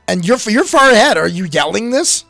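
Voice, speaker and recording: A man running a tabletop game as game master, narrating with dramatic pauses. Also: high-pitched, sing-song, creaky, sharp tone, dry recording, faint music behind.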